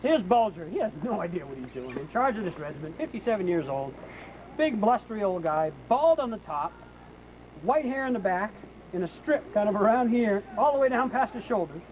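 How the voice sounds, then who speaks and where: High-voiced man telling a battle story. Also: a little fast, rough recording. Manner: lively storyteller, acts out quotes. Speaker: battlefield tour guide. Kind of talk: outdoor historical tour talk. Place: outdoors on a battlefield. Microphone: hand-held camera. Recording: outdoor camcorder recording with noise.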